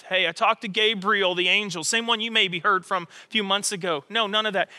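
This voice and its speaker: Bright-voiced pastor in an echoing church. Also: male voice, sits high. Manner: animated storytelling, acting out quotes, drops to soft reflective passages. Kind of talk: sermon. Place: church sanctuary. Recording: long hall reverb in a church.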